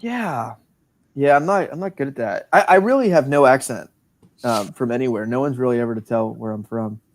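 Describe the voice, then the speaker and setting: A man's voice: medium pitch, fairly quick. A man co-hosting a sports podcast in casual, self-mocking banter. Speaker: podcast co-host.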